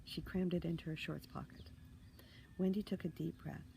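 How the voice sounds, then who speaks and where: A woman author reading a children's chapter book aloud, expressive with hushed asides. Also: sits low, moderate pace, vocal fry, a little hiss or hum, poor audio. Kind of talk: storybook reading.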